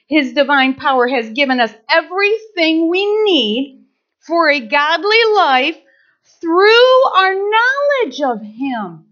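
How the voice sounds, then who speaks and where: A woman preaching a sermon to women, lively and playful, acting out little scenes. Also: very high-pitched. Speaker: women's ministry speaker. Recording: dull lo-fi recording.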